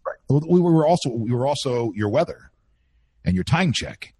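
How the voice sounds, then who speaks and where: A husky-voiced man chats with lively swings of pitch, slipping into mock announcer voices as he tells his stories. The sound is close and dry, with no room echo. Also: normal speed. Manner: animated storytelling, mimics announcer voices. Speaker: former radio host. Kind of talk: casual podcast chat.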